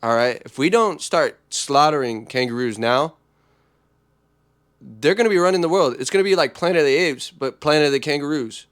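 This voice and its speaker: A man hosting a comedic vlog in an energetic, joking, slangy way. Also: fairly high pitch, normal speed. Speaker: host.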